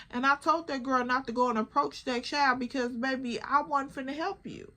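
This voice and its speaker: A young woman with a Chicago accent telling a story in a chatty, animated way to her viewers. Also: on the high side, normal speed, few pauses. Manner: animated, chatty, addresses the listener as girl. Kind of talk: casual storytime vlog.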